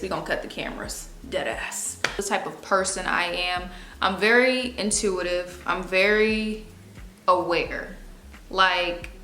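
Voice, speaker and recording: A young woman talks straight to camera in a relaxed, confessional way, full of slang and expressive turns. Her voice is bright and pushed forward. The room around her rings with a noticeable echo. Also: mid-range voice. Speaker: video host. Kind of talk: casual confessional talk to camera.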